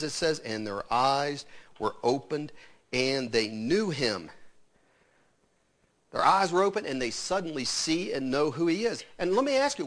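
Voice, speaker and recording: A man preaching a sermon, swinging between loud emphatic lines and hushed, quiet asides. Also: on the high side.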